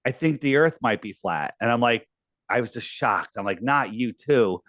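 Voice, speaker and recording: Man telling a rambling, animated story. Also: mid-range voice, moderate pace, no echo. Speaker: podcast guest. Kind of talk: casual interview chat.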